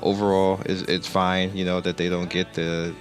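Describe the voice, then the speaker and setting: A man's voice: low-pitched, flat delivery, normal speed, soft background music. A man giving casual, rambling gameplay commentary as a game reviewer, often correcting himself, with the hiccups. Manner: rambling, self-correcting, laid-back. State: has the hiccups.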